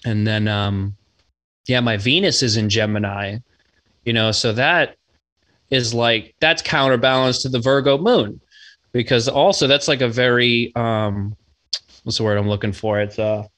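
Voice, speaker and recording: A man's voice: medium pitch, steady tone, a little slow, a bit bright. Rambling, profane man from Massachusetts. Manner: rambling, profane, laid-back. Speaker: podcast guest. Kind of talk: casual chat.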